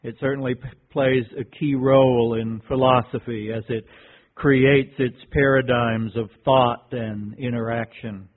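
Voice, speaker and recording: A man presenting at a workshop, giving a reflective lecture and telling a teaching story in a measured, deliberate way. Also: medium pitch, steady tone. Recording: tinny phone-like recording.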